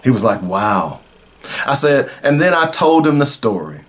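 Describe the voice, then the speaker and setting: A man's voice: on the high side, sing-song. A middle-aged man, a radio host, telling a personal story in an earnest, emotional way. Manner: emotional, earnest, slow in places.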